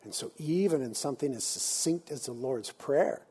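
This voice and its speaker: A man preaching a sermon in an animated, conversational way, slipping into casual slang. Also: medium pitch, normal speed, slightly rough. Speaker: pastor.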